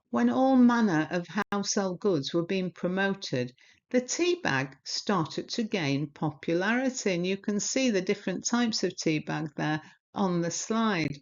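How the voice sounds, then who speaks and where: Chatty woman, lo-fi history talk. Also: mid-range voice. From Britain. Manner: chatty, enthusiastic storytelling. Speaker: history presenter. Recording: dull lo-fi sound.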